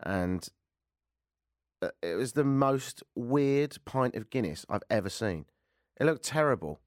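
A man's voice: mid-range voice, lively intonation, measured pace, dry recording, studio quality. Chatty British man hosting radio. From Britain. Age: 40s. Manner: chatty, self-mocking, rambling. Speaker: radio host. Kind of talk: casual radio monologue.

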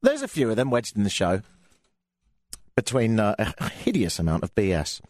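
A man's voice: on the low side, huge pitch swings, normal speed, a little mellow, no echo, clean studio sound. An English man hosting a live radio show, chatting casually with a sardonic, jokey tone and lots of fillers. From England. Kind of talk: casual comedic radio monologue.

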